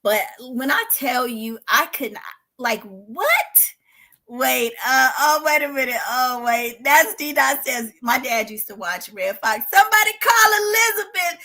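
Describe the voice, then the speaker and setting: Hosting a trial livestream from her spare-bedroom studio, a middle-aged woman talks a little slowly in a high voice with lively intonation. Her excitable commentary is dramatic, full of loud exclamations and laughter that suddenly sink to a hush.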